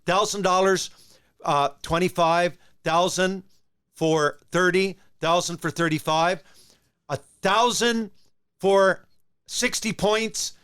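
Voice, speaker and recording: A man in his sixties from Newfoundland, a former hockey player who tells stories as a podcast guest in a rambling, animated way with many restarts. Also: high voice, slow, clear, resonant tone. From Newfoundland, Canada. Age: 60s. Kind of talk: casual storytelling.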